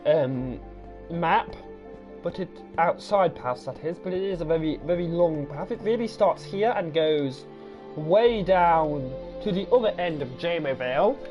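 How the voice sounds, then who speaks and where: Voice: medium pitch, expressive, unhurried, lo-fi sound, music in the background. A gaming channel host, giving a casual, rambling tour of a game world, correcting themselves and repeating the same praise.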